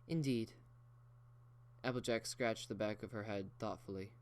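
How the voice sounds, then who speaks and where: A man reading a fan fiction story aloud in a slow, measured way. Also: fairly low pitch, fairly even intonation. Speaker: reader.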